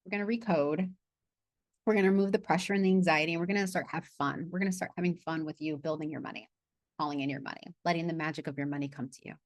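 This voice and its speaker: A woman's voice: deep voice, quick pace, dry recording, studio quality. A woman leading a money masterclass over a video call, chatting casually, laughing, swearing and losing her train of thought. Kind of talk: casual live online class.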